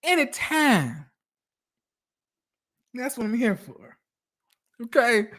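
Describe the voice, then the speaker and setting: A woman giving blunt, profane, animated commentary as she recaps a reality TV episode. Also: a little high, unhurried.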